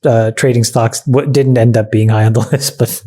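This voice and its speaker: A man's voice: medium pitch, steady tone, normal speed, dark tone. A man co-hosting a podcast in casual chat, talking bluntly and swearing freely. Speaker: podcast co-host.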